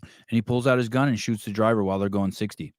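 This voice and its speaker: Male podcast host, lowish voice, dry close sound, loose rambling chat. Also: fairly even intonation, fast, no room sound. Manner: rambling, storytelling with frequent restarts and fillers. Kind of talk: casual chat.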